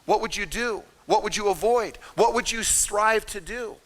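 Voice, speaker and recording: A middle-aged man giving an energetic, emphatic motivational talk at a seminar, speaking straight to his audience. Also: sits high, normal speed. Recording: reverberant hall.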